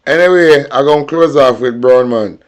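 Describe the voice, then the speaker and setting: A man's voice: mid-range voice, normal speed. Angry, profane Jamaican man. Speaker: commentator. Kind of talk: casual political rant.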